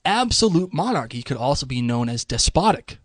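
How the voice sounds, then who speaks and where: A man's voice: a little high, fairly quick, dry recording, clean studio sound. A man co-hosting a podcast, explaining history in a casual, chatty way. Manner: chatty, lively, slips into mock voices for laughs. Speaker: podcast co-host.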